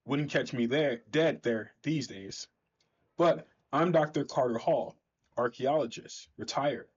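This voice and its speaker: A man reading as a gruff, bossy veteran hero. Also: mid-range voice, takes it slowly, dull audio. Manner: curt, lecturing.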